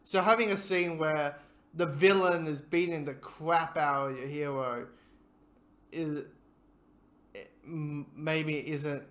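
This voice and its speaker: A man's voice: fairly high pitch, fairly even intonation, slow, pauses often, a bit bright. A man hosting a casual movie watchalong, rambling and stumbling over his words as he restarts sentences. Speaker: movie commentary host.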